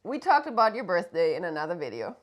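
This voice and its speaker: Woman, co-host, casual chat, very lively pitch, playful arguing. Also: fast. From Germany. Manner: animated, laughing, playfully argumentative.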